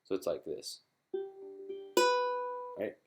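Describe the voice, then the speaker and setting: A man's voice: slow pace, a little mellow, faint music behind. A man teaching ukulele in a live-streamed lesson. He is encouraging and chatty, with many fillers and restarts.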